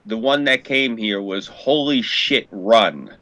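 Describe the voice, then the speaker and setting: A man's voice: fairly low pitch, slow, pushed and bright. A man in casual podcast chat, telling a profane, heated story and acting out what people said.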